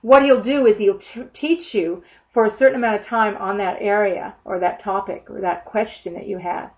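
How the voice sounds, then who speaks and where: A woman's voice: mid-range voice, moderate pace, a little mellow. A woman preaching a sermon in a fervent, emphatic way, often acting out imagined prayers. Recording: dull lo-fi sound.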